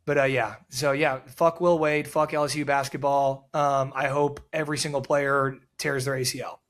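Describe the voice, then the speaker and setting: A man co-hosting a sports podcast, chatting casually and telling animated stories with blunt, profane opinions. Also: medium pitch, normal speed. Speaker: podcast co-host.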